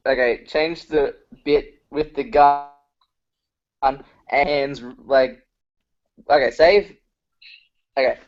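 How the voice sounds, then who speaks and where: Guy stumbling into a joke on a podcast, average voice, muffled sound. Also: medium pitch. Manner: halting, restarts before a joke. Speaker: podcast co-host. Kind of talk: casual fan chat. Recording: dull lo-fi podcast audio.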